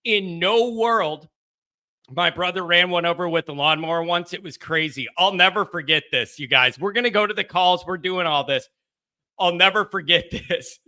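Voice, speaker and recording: A man hosting a live fan call-in stream, rowdy and jokey, reading chat comments and riffing loudly. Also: high voice, moderate pace. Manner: rowdy and excitable, jokey, shouts bits for effect. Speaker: host of a fan call-in show.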